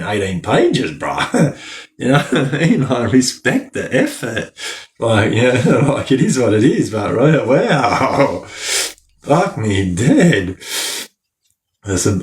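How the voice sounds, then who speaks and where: A man's voice: mid-range voice, big pitch swings, slow pace. A young Australian man chatting casually on a live stream, laughing often and talking in heavy slang. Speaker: livestreamer.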